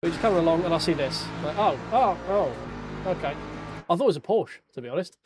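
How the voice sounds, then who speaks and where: A man's voice: a little high, expressive, rapid-fire, noisy background. A man streaming sim racing, chatting casually with viewers over race replays in a joking, sweary way. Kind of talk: casual live-stream chat while reviewing race replays.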